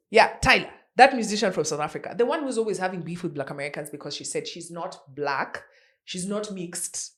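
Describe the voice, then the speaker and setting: A woman of around forty hosting a pop-culture news podcast, chatty and animated, full of rhetorical questions. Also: on the low side. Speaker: podcast host.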